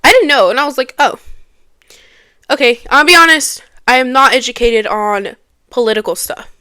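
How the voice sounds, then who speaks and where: Bright-voiced young woman chatting. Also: sits high, expressive, a little fast, smooth, no room sound, studio quality. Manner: chatty, laughs often, says "like" a lot. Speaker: podcast host. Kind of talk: casual chat. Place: living room at home.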